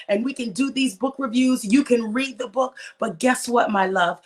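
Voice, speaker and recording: A woman author and life coach leading a live-stream book talk in an energetic, preachy, encouraging way, repeating phrases for emphasis. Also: fairly high pitch, moderate pace, few pauses.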